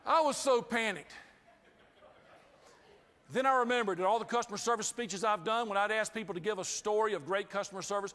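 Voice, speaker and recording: A man with a high voice tells a lively, humorous story to a live group. He is giving a customer service training talk. His voice rings out with a long reverb, as in a large hall. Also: fairly quick.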